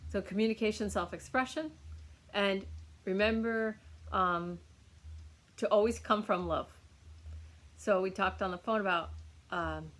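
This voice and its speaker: A woman's voice: mid-range voice, a little slow, pauses often, a bit bright. Chatty woman giving an energy reading. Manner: chatty, rambling, many fillers and restarts. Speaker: energy healer reading for a client. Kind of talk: casual recorded healing reading.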